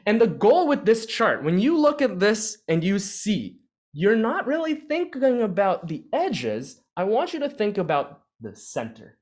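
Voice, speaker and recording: A man leading a beatboxing workshop in a casual, energetic teaching style, full of fillers and restarts, speaking into his own microphone. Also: sits high. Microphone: own microphone with adjustable gain.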